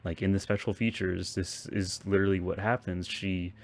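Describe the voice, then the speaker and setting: A man's voice: deep voice, little pitch movement, moderate pace, vocal fry. A man on a podcast, casually recapping a film, rambling with lots of ums and frequent laughs. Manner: rambling, many ums and restarts, laughs often. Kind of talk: casual chat.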